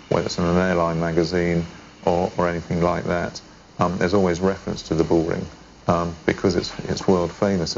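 A man's voice: low-pitched, creaky, a little mellow, slight background noise. A man speaking in a news interview, hesitant, with frequent fillers. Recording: dull TV interview audio.

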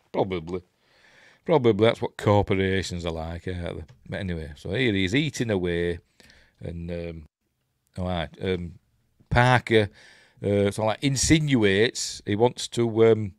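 A man's voice: on the low side, no echo, clean studio sound. A man with a Yorkshire accent giving a rambling, chatty running commentary as he watches a film, chuckling at his own asides. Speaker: host of a film watch-along channel.

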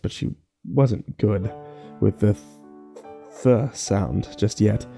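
A man narrating a first-person horror story slowly and wistfully, with small restarts. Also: lowish voice, steady tone, vocal fry, dark tone, soft background music.

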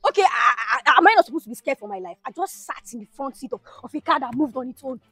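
A woman's voice: high-pitched, expressive, rapid-fire, bright, forceful tone, husky, no echo, faint music behind, heavily acted. A woman acting a dramatic, defensive mistress in a comedy skit. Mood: defensive pleading.

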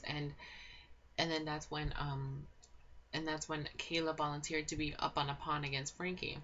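Low-voiced young woman gossiping through a rambling recap. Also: little pitch movement, normal speed, fairly bright tone. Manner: rambling, gossipy, many fillers and restarts. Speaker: reality show recap vlogger. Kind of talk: casual chatty recap. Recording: dull lo-fi home recording with faint noise.

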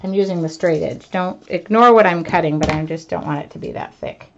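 A woman artist chatting to her live viewers as she works, excitable and self-mocking, laughing often. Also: on the low side, a little fast, a little hiss or hum. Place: home art studio, indoors. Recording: dull lo-fi stream audio.

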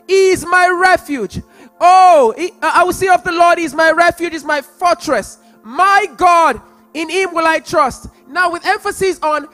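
A male preacher with a strikingly high voice delivers an impassioned sermon. He repeats his phrases, rises into loud sung prayer and keeps pressing each point. Faint music sits behind him. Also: a little slow.

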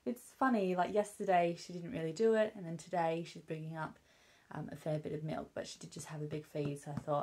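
A woman's voice: low voice, steady tone, brisk, darkish tone, slight background noise. A young woman with a British accent, chatting candidly to camera as a vlogger, with many fillers like "um" and "obviously". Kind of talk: casual chat to camera. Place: at home with her newborn.

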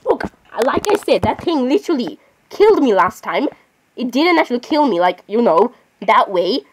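Woman narrating her game, rambly and apologetic, bit of a higher voice, argues with herself. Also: sing-song, normal speed, a little hiss or hum. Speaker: gaming channel host. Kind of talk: gameplay commentary.

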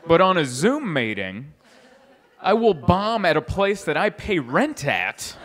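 A young adult man performs a stand-up comedy set at an unhurried pace, with slight background noise. He tells stories animatedly, voices the people he quotes with big pitch jumps, and laughs at his own jokes.

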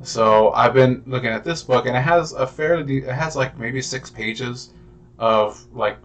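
A young man co-hosts a podcast, chatting casually in a rambling, profane way full of fillers. His voice is medium-pitched, unhurried and a bit bright.

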